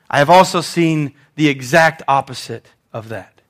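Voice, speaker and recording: A man's voice: a little high, animated, normal speed, fairly bright tone. A young man, a pastor, preaching a conversational sermon in church and telling stories with animation.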